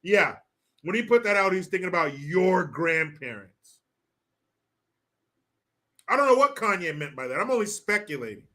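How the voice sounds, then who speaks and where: High, lively-voiced man mocking and swearing. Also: normal speed, long pauses. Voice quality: mocking, swearing, breaks into laughter. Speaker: live-stream commentary host reading viewer messages. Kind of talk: casual profane commentary.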